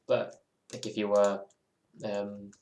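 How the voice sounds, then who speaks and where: Taking his time, a gaming streamer with a lowish, darkish voice and a completely flat delivery chats casually as he plays. His talk rambles and muses, interrupting itself and circling back, and the recording has a roomy sound.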